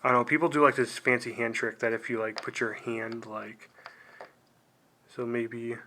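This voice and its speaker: A man's voice: medium pitch, little pitch movement, moderate pace, pushed and bright, a little hiss or hum. A young man talking casually to the camera, rambling and self-deprecating, with lots of "like" and trailing asides. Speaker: video host. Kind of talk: casual unboxing vlog.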